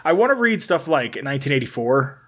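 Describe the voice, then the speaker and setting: A man's voice: mid-range voice, very animated, brisk, a bit bright. A young man co-hosting a podcast in casual chat, rambling and swearing loosely, often trailing off and restarting. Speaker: podcast co-host.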